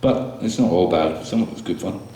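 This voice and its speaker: A man performing his spoken word poetry to a small audience, slow and halting between pieces, with fillers and restarts. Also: deep voice, dark tone. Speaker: poet performing his work. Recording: echoey room, mic far off.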